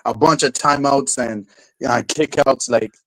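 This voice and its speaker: A man's voice: medium pitch, a little slow, fairly bright tone, dry recording, rough recording. A man hosting a casual livestream chat, talking loosely in slang and laughing often. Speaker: livestream host.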